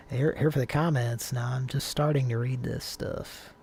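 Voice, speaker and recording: A man's voice: medium pitch, steady tone, a little slow, creaky, a little mellow, slight background noise. A man co-hosting a casual talk show, rambling through stories and reading listener comments aloud. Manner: rambling, self-interrupting storyteller. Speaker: podcast co-host.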